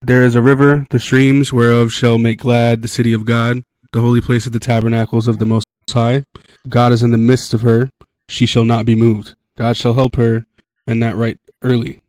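Man reading scripture in a monotone. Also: medium pitch, normal speed, no room sound, low-quality recording.

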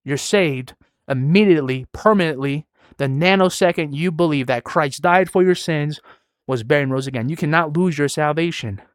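A man's voice: fairly high pitch, no room sound. Fervent male preacher, dry close sound. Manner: swings between loud, fast exhortation and quiet, slow storytelling; quotes Bible verses in King James wording. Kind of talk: street-style sermon with scripture reading. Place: online virtual world.

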